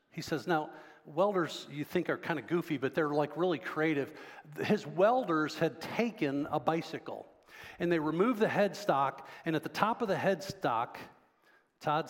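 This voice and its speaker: A man preaching a sermon in a conversational way, often asking the congregation questions. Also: a little high. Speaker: pastor. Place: church sanctuary. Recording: long hall reverb.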